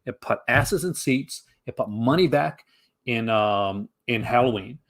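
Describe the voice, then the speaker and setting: A man's voice: mid-range voice, measured pace. A man hosting a casual livestream, answering his chat in a rambling way full of fillers and restarts. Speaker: livestream host.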